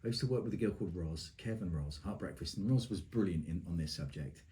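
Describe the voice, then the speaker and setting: A man's voice: sits low, lively intonation, fast talker, warm tone, a little hiss or hum. A man hosting a podcast in a chatty, teasing broadcaster's manner. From England. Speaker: podcast host and former radio presenter. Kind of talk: casual chat.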